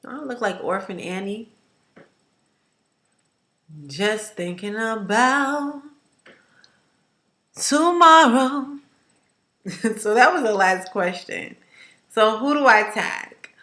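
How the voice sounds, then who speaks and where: A woman hair vlogger chatting to camera in an emphatic, animated way, ranting and repeating herself for effect. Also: mid-range voice, slow pace, pauses often. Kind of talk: casual to-camera chat. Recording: echoey room.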